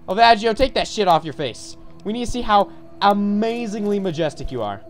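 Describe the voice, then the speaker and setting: Goofy streamer with a lively, bouncing voice. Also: mid-range voice, fairly quick, faint music behind. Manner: goofy and rambling, greeting viewers, with sudden excited shouts. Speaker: game streamer. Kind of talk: casual live-stream commentary.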